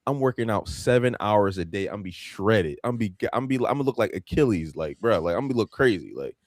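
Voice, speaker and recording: A man's voice: on the low side, lively intonation, brisk, no echo. Rambling male podcast co-host. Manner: loose and rambling, full of "like" fillers. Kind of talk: casual chat.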